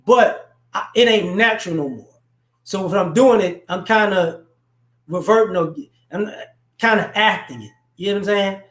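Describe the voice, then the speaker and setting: A man with a high-pitched, fairly bright voice talks at a moderate pace, offering his views in a loose, casual chat. Originally from New Orleans, he has a faint accent from there mixed with Chicago and DC speech, and he often restarts and says "you know."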